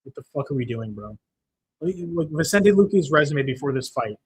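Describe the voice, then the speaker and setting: A man's voice: on the high side, animated, moderate pace, a little hiss or hum. A young man hosting a live fight-watching stream, ranting with heavy swearing about a lost bet and reading viewer comments aloud. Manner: profane, frustrated ranting; reads chat comments aloud. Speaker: livestream host.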